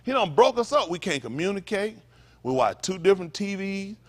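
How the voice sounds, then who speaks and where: A man's voice: sits high, sing-song, a little fast, fairly bright tone. A male pastor preaching a fiery sermon, firing blunt, profane rhetorical questions at his congregation with joking asides. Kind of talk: fiery street-talk sermon.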